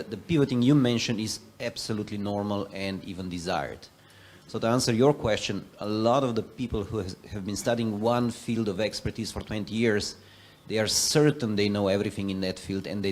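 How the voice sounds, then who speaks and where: Low-voiced man explaining investment choices. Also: a little mellow. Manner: explanatory, measured. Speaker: panelist, investor and professor. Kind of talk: panel discussion answer.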